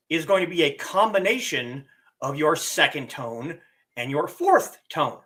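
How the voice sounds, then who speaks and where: A man giving a live-streamed lesson, explaining slowly and deliberately and drawing out his spoken examples. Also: a little high, sharp tone. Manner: reads viewer comments aloud. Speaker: teacher and streamer.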